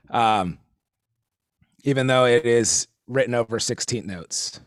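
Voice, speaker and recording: A man's voice: mid-range voice, slow pace, very noisy. A man leading a livestream drum lesson, talking casually as he explains stickings and counts the group in. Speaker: drum instructor.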